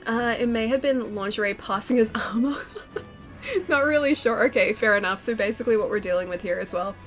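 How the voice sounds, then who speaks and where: A woman's voice: a little high, brisk. A woman with a head cold, her voice stuffy and nasal as she chats casually on a live stream. She laughs easily and pokes fun at herself, close on a pop-filtered mic in a home room with faint game music underneath. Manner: chatty, giggly, self-deprecating. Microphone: close studio mic with pop filter.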